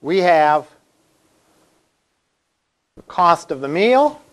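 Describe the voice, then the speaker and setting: Lively male college instructor lecturing. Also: a little high, extremely slow. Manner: conversational, asks the class questions. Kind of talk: classroom lecture. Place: classroom.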